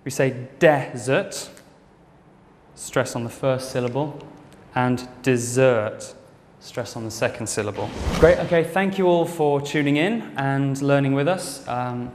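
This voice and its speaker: A man's voice: mid-range voice, moderate pace, a little mellow. Male English teacher explaining, echoey hall. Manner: explanatory, checking in with "okay" and "right". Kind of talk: demonstration language lesson. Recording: echoey hall with faint noise.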